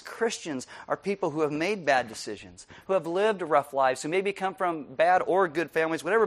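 A man preaching a sermon as pastor, animated, laughing often and asking his listeners "right?" again and again. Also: fairly high pitch.

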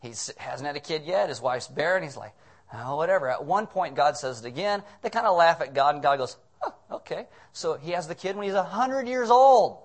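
A man's voice: on the high side, brisk, few pauses. A man preaching a sermon as pastor, telling stories with humor and acting out the voices. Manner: humorous, animated storytelling with acted voices.

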